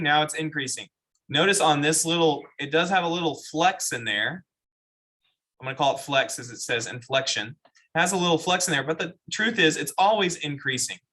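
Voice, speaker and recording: A man's voice: a little high, sharp tone. A man teaching a math class, explaining step by step and asking the students questions. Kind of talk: classroom lecture.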